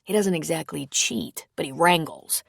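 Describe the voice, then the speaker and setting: A woman's voice: low-pitched, normal speed, vocal fry, no room sound, clean studio sound, full character voice. A woman reading the lines of a friendly, teasing young man who stammers a little, in an audiobook. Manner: joking, slightly stammering.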